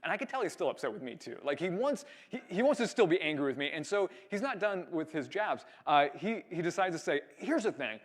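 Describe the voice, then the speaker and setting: A young male pastor originally from California tells a story from the pulpit. His voice sits a little higher than most men's, and he acts out every line of dialogue with lively, animated delivery. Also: a little fast, few pauses. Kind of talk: sermon storytelling.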